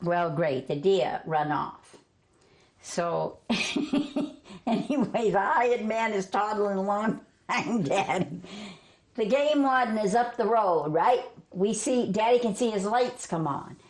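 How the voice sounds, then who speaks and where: Speaking slowly with a darkish, expressive tone at medium pitch, an older woman from Vermont recounts family stories. As a storyteller guest she keeps it casual and folksy, laughing through the tales herself.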